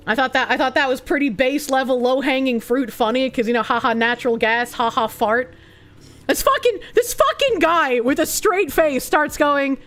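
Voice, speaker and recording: High-voiced woman streamer, laughing often. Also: normal speed, faint music behind. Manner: laughs often, swears freely, animated storytelling. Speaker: livestreamer. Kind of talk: casual chat.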